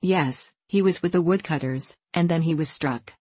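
A woman's voice: low voice, a little mellow, breathy edge, no room sound. A woman voicing a grown male messenger who gasps and halts as he brings grim news in a storybook reading. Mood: urgent. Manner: gasping, halting.

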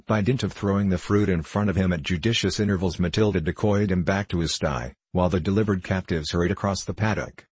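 A man reading a short story aloud in a measured, dryly ironic way. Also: deep voice, darkish tone, husky, no room sound. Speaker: narrator.

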